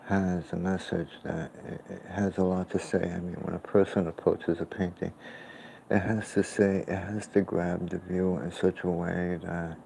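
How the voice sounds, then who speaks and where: A deep-voiced man with a rough, gravelly edge rambles through a profane, scornful rant. He talks as a painter reacting to clips, drifting from point to point with a faint hiss of noise behind him. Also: little pitch movement, normal speed, warm tone, rough recording. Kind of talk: casual ranting commentary while watching clips.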